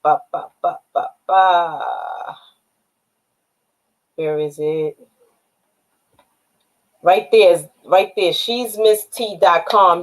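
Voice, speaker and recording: A woman's voice: lowish voice, very slow, long pauses, poor audio. Streetwise New York woman hosting a livestream. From Harlem, New York. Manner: shouts out viewers by name, streetwise and direct. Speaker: livestream host and author. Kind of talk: casual livestream chat.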